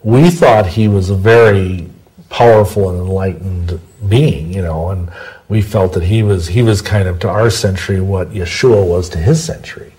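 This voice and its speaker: A man's voice: low voice, moderate pace, warm tone, husky, low-quality recording. A man as an interview guest, explaining things at length in a rambling, digressive way. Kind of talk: long-form interview, storytelling.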